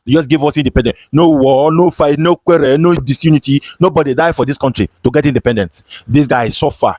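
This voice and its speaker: Man, Nigerian accent, rapid speech, dry close sound, fiery rhetorical questions. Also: on the high side, darkish tone, no room sound. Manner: impassioned, hammering rhetorical questions. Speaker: online commentator. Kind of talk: ranting video commentary.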